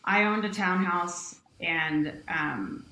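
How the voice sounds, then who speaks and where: Woman guest, low pitch, bright forceful tone, roomy echo; earnest storyteller. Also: slow, slight background noise. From Utah. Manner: earnest, animated storytelling with quoted voices. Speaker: company president, guest. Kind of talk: personal storytelling in interview.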